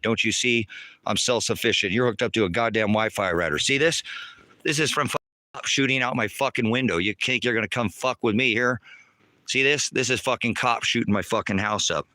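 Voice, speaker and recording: A man ranting angrily on a livestream from outdoors at a rural homestead, taunting and cursing, often shouting. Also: mid-range voice. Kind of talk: angry livestream rant.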